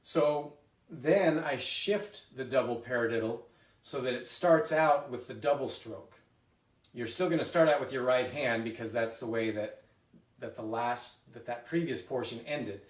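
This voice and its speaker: A man teaching a drum lesson, explaining a rudiment exercise in a relaxed way with fillers and restarts, recorded from a distance. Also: mid-range voice, a little slow. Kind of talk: spoken music lesson with demonstrations. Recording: roomy, mic set back. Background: drums and metronome.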